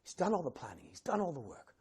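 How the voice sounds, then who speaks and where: Husky middle-aged guy spinning a yarn for a crowd, does all the voices. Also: a little high, fast. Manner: animated, acts out voices of others in his stories. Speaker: actor telling stories. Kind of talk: anecdotal storytelling to an audience.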